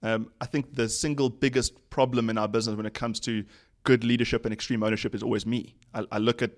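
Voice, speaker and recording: Brief: male executive, podcast guest, animated storyteller, average pitch. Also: fast. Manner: animated anecdote telling with frequent laughs. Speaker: company CEO, podcast guest. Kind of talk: casual interview storytelling.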